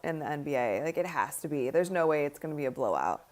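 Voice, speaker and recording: A woman's voice: sits low, lively intonation, quick pace. A young woman giving casual live commentary at a watch party, chatty and tired, yawning now and then. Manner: chatty, frequent "like" and "honestly". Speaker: livestream host.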